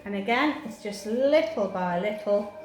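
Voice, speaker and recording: Slow-talking cat groomer woman. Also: medium pitch, expressive. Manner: soft, coaxing, chatty. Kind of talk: grooming commentary. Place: grooming room. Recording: echoey room with music behind.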